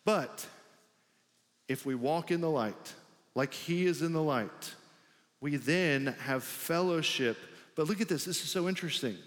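A man's voice: fairly high pitch, measured pace, fairly bright tone, in a large hall. A male pastor preaching a sermon in a loose, conversational way, with many filler "like"s.

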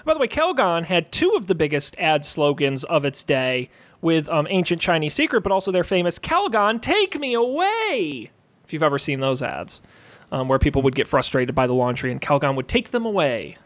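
Casting: man, co-host, casual chat, chatty and wry, slightly high-pitched. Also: sing-song, fairly quick.

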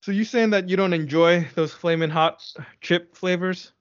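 A man's voice: high-pitched, normal speed, muffled recording. A man co-hosting a podcast in a casual chat, with dry, teasing remarks. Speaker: podcast co-host.

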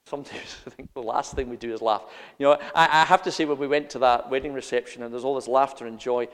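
A man preaching a sermon, animated, swinging between loud emphasis and quiet intensity, laughing as he goes. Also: medium pitch, fast, smooth, big-room sound.

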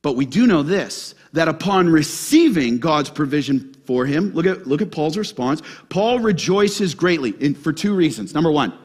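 Animated high-voiced male pastor preaching. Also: normal speed, few pauses, breathy edge. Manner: animated preaching, asks the congregation questions. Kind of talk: sermon.

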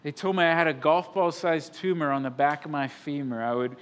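Emphatic pastor, loud then hushed. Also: male voice, a little high, brisk. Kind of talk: sermon. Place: church sanctuary.

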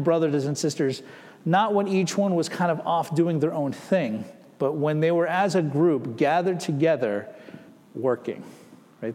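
A man's voice: fairly high pitch, a little mellow, long reverb tail. A man preaching a sermon as a pastor, speaking conversationally and acting out the people in the story. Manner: conversational, acting out quoted voices.

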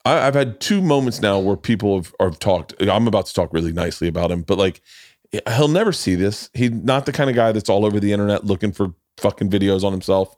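Man, podcast host, rambling casual chat, swears a lot, fairly low voice, dry close sound. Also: quick pace, a little mellow, no room sound. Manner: rambling, profane, acts out quotes in others' voices.

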